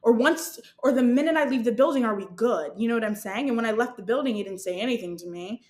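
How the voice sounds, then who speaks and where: A young woman hosting a podcast, telling a story in a casual, animated and self-mocking way, often laughing. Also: fairly high pitch, quick pace. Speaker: podcast host. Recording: roomy echo.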